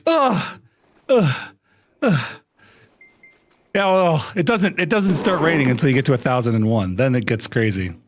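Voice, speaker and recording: A man's voice: medium pitch, fast talker, hardly any pauses, slight background noise. A man live-streaming to his chat in a casual, exasperated way, swearing and laughing a lot. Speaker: VTuber streamer.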